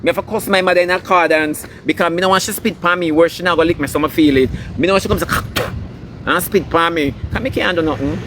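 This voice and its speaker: Speaking quickly with a Jamaican accent, an entertainer rants online in preachy, scolding commentary, driving each point home by repeating it. For a man his voice is a little high, and passing vehicles and street noise come through clearly in the noisy recording.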